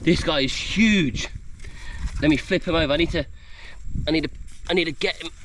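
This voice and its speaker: A man vlogging while he hunts food outdoors on a tropical island, excitable and out of breath, exclaiming as he narrates. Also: a little high, quick pace, slight background noise. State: out of breath, sweating. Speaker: bushcraft vlogger. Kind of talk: excited handheld outdoor vlog.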